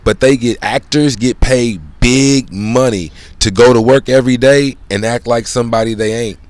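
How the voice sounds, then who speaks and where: A man's voice: medium pitch, normal speed, a little mellow, no room sound. A man talking alone in a casual, rambling monologue, full of slang and profanity, often checking in with "you know what I'm saying". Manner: profane, conversational. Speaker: solo channel host.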